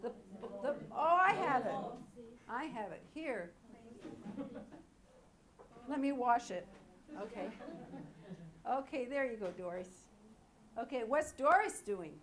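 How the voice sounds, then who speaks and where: Slow, clear ESL teacher woman. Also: a little high, expressive, crowd noise. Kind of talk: classroom teaching. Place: classroom.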